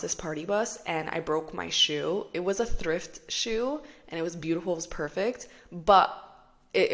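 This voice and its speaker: A young woman hosting a podcast, talking casually and chattily, with lots of "like" fillers and the odd swear. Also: fairly low pitch. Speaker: podcast host.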